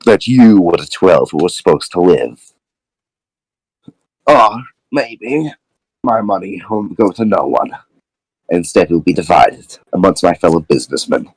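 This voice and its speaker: A man voicing a rich, eccentric old father who speaks in a low, slow, disdainful way. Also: lively intonation, darkish tone, breathy edge, no echo, full character voice, rough recording. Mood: scornful.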